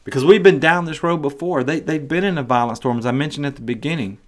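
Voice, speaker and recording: A man's voice: fairly high pitch, quick pace. Earnest man preaching on a podcast. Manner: earnest, acts out quoted voices, some repeated restarts. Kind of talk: devotional podcast teaching.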